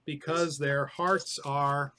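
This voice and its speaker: A man's voice: on the high side, steady tone, slow, bright, forceful tone, slight background noise. A man leading a group Bible study, explaining in a conversational way and putting questions to the group.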